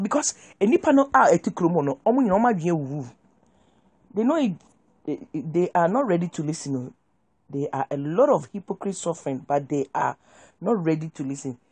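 A woman with a Ghanaian accent hosts a heated political commentary, her voice rising and falling with lively emphasis. She flips between English and Twi, circling back over her points. Her tone is a little breathy, and the sound is dry and close. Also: medium pitch, no room sound. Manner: animated, mixing English with Twi, repetitive. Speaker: show host.

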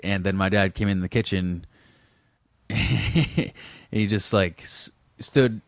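A man from Massachusetts, guesting on a podcast, tells a story in a relaxed, giggly way. His voice sits fairly low and is recorded close and dry, with no room sound. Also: slow pace, no room sound. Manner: laid-back, giggly storyteller. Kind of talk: casual podcast chat.

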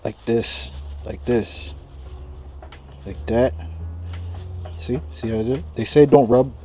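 Speaking slowly in a dark, steady, medium-pitched voice, a man hosts a casual cooking vlog at a charcoal grill outdoors. He talks straight to his viewers in a relaxed, chatty way. Wind and the popping, crackling fire come through on the recording.

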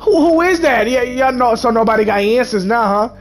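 A gaming YouTuber, a young man with a very high, expressive voice, talks briskly through a comedic let's-play. He addresses game characters in mock-dramatic fashion while game music plays underneath.

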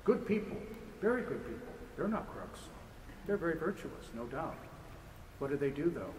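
A man's voice: on the high side, big pitch swings, normal speed, a little mellow. A man, a priest giving a lecture sermon in a church, speaking with impassioned, repetitive rhetorical build-ups. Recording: echoey church hall with faint noise.

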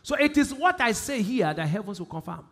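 Male pastor, Nigerian accent, sermon delivery, high bright voice, call-and-response phrasing. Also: big pitch swings, a little fast. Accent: Nigerian English. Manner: call-and-response questions, repeats key phrases, swings from loud emphasis to quiet.

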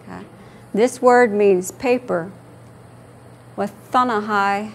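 A woman teaching a language lesson in a classroom, her delivery slow and unhurried. She patiently says each word several times over. Her pitch sits in an ordinary middle range, with faint room sound behind her. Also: a little hiss or hum. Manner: slow, patient, repeats words for students. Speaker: language instructor.

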